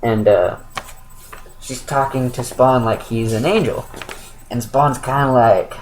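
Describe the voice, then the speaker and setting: A young man talks through a comic book review in a loose, off-the-cuff way. He hesitates, backtracks and fills gaps with "uh". His voice sits at an average pitch, with a faint hiss of ambient noise behind it. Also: normal speed, a little mellow, rough recording. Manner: rambling, with many fillers and self-corrections. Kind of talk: casual spoken review.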